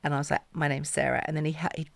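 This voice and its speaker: A woman's voice: sits low, level tone, racing, creaky, dry recording. A middle-aged woman, a podcast guest, telling candid stories in casual chat, swearing freely and acting out the dialogue.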